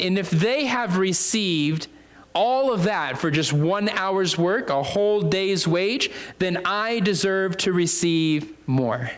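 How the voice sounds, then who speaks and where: Male preacher, conversational sermon, slightly high voice, lots of fillers and repeated phrases for emphasis. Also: lively intonation, takes it slowly. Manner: conversational, with many fillers and restarts.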